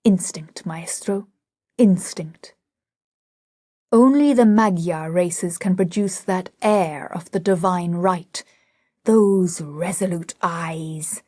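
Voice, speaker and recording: A boastful man, read by a woman, laying down grand, self-assured pronouncements. He talks slowly, in a husky, breathy voice, recorded close and dry. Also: on the low side, darkish tone, no room sound. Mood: pompous. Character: pompous Hungarian man, boastful self-styled expert. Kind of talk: audiobook drama reading.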